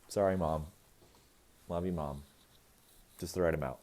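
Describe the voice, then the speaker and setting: A male stand-up comedian doing a casual, profane routine, often jumping into quick voices for the people in his jokes and laughing at his own lines. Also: deep voice, a little hiss or hum. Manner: animated, acting out characters in quick bits. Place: rehearsal space.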